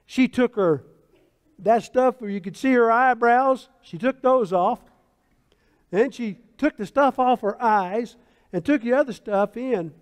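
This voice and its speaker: High-voiced man preaching a sermon. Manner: animated, storytelling preacher with emphatic asides. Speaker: pastor. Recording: long hall reverb.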